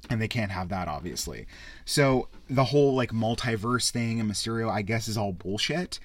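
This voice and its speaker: A man hosting a casual spoken film review, rambling and excitable, with frequent swearing. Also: fairly low pitch, moderate pace. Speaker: podcast host reviewing a film.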